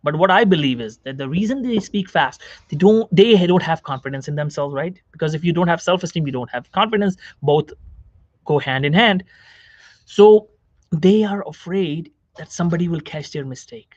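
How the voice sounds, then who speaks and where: Guy doing a self-help talk to camera, kinda high voice, dry dull lo-fi sound, repeats himself a lot. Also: animated, normal speed, no echo. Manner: repeats phrases, asks the viewer questions. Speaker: doctor giving a psychology talk. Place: seated on a chair.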